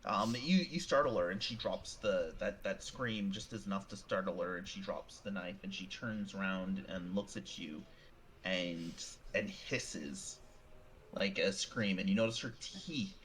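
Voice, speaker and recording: A man with a low voice narrates a tabletop horror scene as game master. His narration rambles, with frequent fillers and restarts. A faint hiss sits behind him. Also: unhurried, fairly bright tone, low-quality recording.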